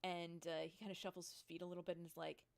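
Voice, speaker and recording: A woman narrating as game master of a tabletop role-play, relaxed, with many fillers. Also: lowish voice, fast, gravelly.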